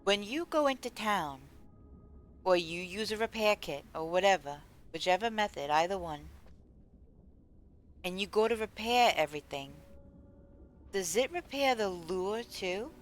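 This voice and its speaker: A woman's voice: medium pitch, lively intonation, a little slow, pauses often. A woman from the United States streaming a game, chatting casually and rambling as she answers her chat. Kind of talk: casual chat while gaming.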